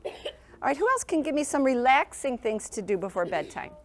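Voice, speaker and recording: A woman leads a class of young children in a classroom, her voice pitched somewhat high. She talks in an encouraging, sing-song teacher manner and keeps checking that the kids are following along. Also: sing-song, brisk. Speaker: sleep program presenter. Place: school classroom.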